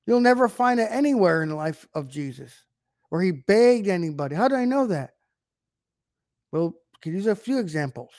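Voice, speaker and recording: High-voiced man preaching to camera. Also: animated, moderate pace, a little mellow, no echo, clean studio sound. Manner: emphatic, keeps asking "right?". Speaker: online preacher. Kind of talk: informal video sermon.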